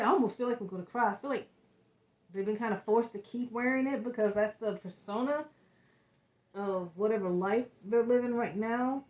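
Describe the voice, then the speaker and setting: A woman giving an emotional tarot reading, talking in halting, searching bursts with repeated words. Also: medium pitch, a little mellow, dull audio. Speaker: tarot reader. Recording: echoey room.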